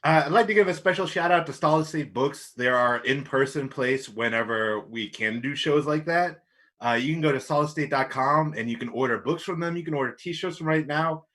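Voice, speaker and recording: A man co-hosts a casual online comedy show over a video call. He talks in an easygoing, laid-back way. His voice is a touch higher than most men's. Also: brisk, fairly bright tone.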